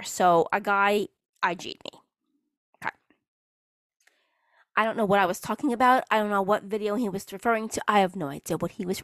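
A woman's voice: mid-range voice, fairly bright tone, no room sound, studio quality. A woman hosting a casual podcast, telling sarcastic stories with bursts of laughter. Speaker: podcast host. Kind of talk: casual chat.

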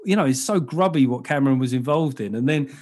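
A man's voice: mid-range voice, fast talker, darkish tone, breathy edge. A man hosting a comedy podcast, chatting in a rambling, jokey way with plenty of swearing. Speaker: podcast host. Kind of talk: casual comedic chat.

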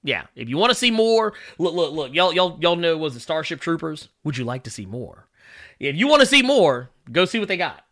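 A man's voice: a little high, very animated, a little fast, fairly bright tone. A man in his thirties hosting a casual livestream, ranting with profanity and laughing often while he reacts to chat. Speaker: livestream host.

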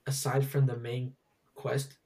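A young man hosts a casual chat about video games in a gravelly, husky voice. He rambles loosely and fills his sentences with plenty of fillers and restarts. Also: mid-range voice, flat delivery, unhurried, warm tone. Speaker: podcast host.

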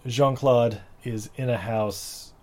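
A man casually recapping a movie on a podcast, laughing a lot and acting out lines in silly high voices. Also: steady tone, takes it slowly, a crowd in the background. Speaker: podcast co-host. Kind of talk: casual movie review chat.

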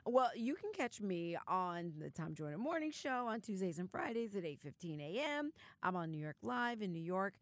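A woman's voice: mid-range voice, very animated, normal speed, hardly any pauses, no echo. A woman hosting a podcast in casual chat, playful and effusive. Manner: playful, effusive, lots of laughing. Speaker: podcast host.

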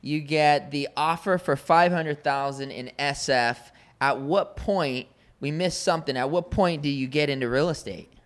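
Man with a fairly high voice hosting an interview. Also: normal speed, few pauses. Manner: recaps and probes the guest's timeline. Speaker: podcast host.

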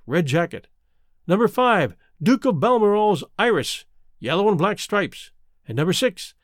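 A man reading a detective story aloud as narrator, measured and expressive. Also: high voice, no room sound, studio quality. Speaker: audiobook narrator.

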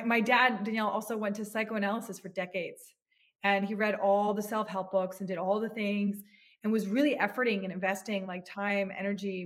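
A woman in her thirties, a psychotherapist, speaking earnestly and reflectively as a podcast guest, often restarting her phrases. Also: medium pitch. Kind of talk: podcast interview.

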